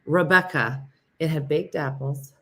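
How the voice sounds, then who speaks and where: A woman's voice: sits low, measured pace, vocal fry, bright, forceful tone. A woman hosting a live stream, chatting casually and rambling between stories while reading out viewer comments. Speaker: live show host.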